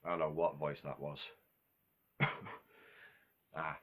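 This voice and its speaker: A man's voice: very deep voice, little pitch movement, slow, fairly bright tone. A man talking in a casual, unscripted monologue, rambling offhand with self-corrections and casual swearing. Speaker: video host ranking game villains.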